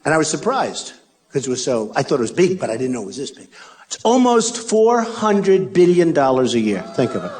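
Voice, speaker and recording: With a slightly high, somewhat mellow voice, an older man campaigning for office delivers a brisk rally speech full of big pitch swings. He brags, repeats himself, and mocks as he goes. The clip was captured among a crowd in a large arena, where faint crowd sound and ambience linger.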